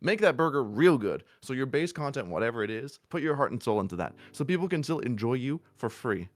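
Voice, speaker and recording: A man's voice: mid-range voice, big pitch swings, fairly quick, no room sound. A man streaming from home, giving casual, blunt advice to other streamers, and swearing freely for emphasis. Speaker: VTuber streamer.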